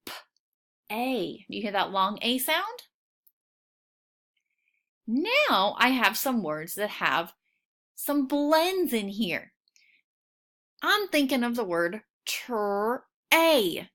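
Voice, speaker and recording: A woman teaching a recorded phonics lesson for children, patient and encouraging, sounding out each word clearly. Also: a little high, sing-song, a bit bright. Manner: slow, clearly sounding out words.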